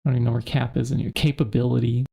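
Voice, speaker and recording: A man with a mid-range voice and a rough, gravelly edge talks through his gameplay on a stream. He thinks aloud in a loose, casual way, checking things and muttering half to himself. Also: mid-range voice, level tone, rapid-fire, dark tone. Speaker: streamer playing a modded game.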